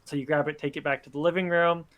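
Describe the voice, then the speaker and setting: A man's voice: fairly high pitch, little pitch movement, fast talker, fairly bright tone, lo-fi sound. Chatty young man running a tabletop game. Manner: casual, many "like" fillers. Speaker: game master.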